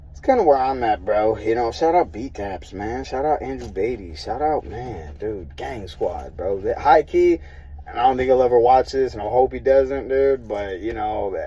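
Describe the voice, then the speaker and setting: A man's voice: mid-range voice, warm tone, highs cut off. Profane, rambling young man ranting. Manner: profane, rambling, frustrated, filler-heavy. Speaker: vlogger. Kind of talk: casual rant to camera.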